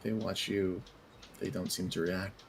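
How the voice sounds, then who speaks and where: Low-voiced male game master, hesitant. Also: flat delivery, vocal fry, husky. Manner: measured, hesitant narration with fillers. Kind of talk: narrating a tabletop game.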